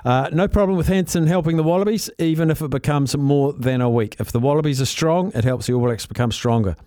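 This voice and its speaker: A man hosting a sports radio show, reading out listener texts and chatting with callers with quick asides. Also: a little high, dark tone, no room sound, clean studio sound. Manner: chatty, reads messages aloud with quick asides and laughs.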